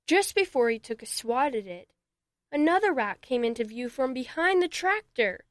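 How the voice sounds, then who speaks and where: A woman narrating a children's story in a gentle, steady reading voice. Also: high-pitched, no echo, studio quality.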